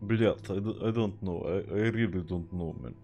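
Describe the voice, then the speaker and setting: A young Serbian man with a deep, warm voice chats casually on a game stream at normal speed, relaxed and swearing as he reads and replies to viewer chat. The highs are cut off and faint music sits behind him.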